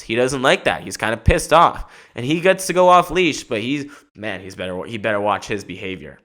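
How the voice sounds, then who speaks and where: A man's voice: medium pitch, fairly bright tone. A man hosting a podcast, riffing through a rambling comic monologue with casual swearing. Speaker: podcast host.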